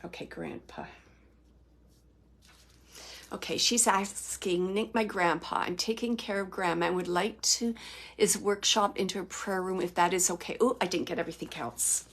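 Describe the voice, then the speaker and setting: Woman medium doing live readings, gravelly and a bit husky, lots of um and like. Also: lowish voice. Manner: loose, halting delivery full of "like" and "um"; relays messages from spirits in the first person. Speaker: psychic medium and host.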